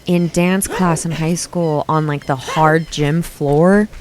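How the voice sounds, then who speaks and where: A young woman in casual chat as a stream co-host, animated and giggly, swearing playfully. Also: low voice, slow pace, crowd noise.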